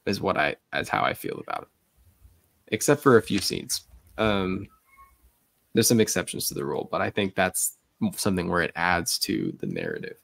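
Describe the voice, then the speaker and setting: A man's voice: low voice, big pitch swings, moderate pace, vocal fry, fairly bright tone, dry recording. A man co-hosting a casual podcast over a remote call, chatting with wry, sarcastic asides. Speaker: podcast co-host.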